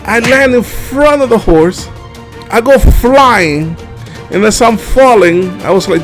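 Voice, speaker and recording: A man from the Dominican Republic telling a comedic childhood story, animated and laughing often with casual fillers. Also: sits high, slow, soft background music.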